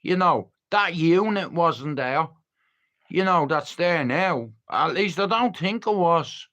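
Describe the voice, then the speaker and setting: Man in his fifties, slow rambling talk. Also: on the high side, animated, fairly bright tone, lo-fi sound. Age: 50s. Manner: swears freely, keeps asking if you understand. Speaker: livestreamer. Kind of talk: casual rambling chat to viewers.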